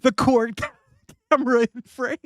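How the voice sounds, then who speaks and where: A man's voice: very high voice, steady tone, takes it slowly, no echo, studio quality. A man hosting a livestream, reacting to video clips in casual, irreverent commentary and laughing often. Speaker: livestream host.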